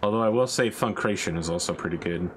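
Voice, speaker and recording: A man's voice: low voice, fast talker, a little hiss or hum, rough recording. A man hosting a game stream, chatting casually in a joking, rambling way. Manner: joking, rambling banter with restarts. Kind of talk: casual gaming chat.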